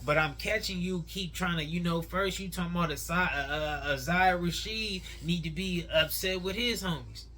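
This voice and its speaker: A man's voice: high voice, moderate pace, few pauses, pushed and bright, soft background music. A man giving casual, opinionated reaction commentary, talking in a conversational way full of slang.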